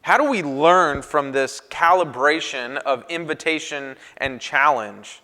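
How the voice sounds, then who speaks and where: A bright, forceful man gives a lively conference talk to church leaders, throwing his pitch up sharply whenever he acts out a quoted voice. His voice sits fairly high for a man. It rings through a large hall with a long tail of reverb. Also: unhurried.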